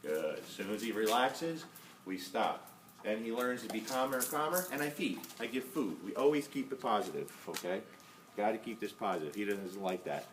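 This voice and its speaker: A dog trainer calmly explaining each step of a training method, patient and often checking in with "okay?". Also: male voice, lowish voice, moderate pace. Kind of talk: casual instructional demo. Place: indoors at home with a dog. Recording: faint background noise, mic at some distance.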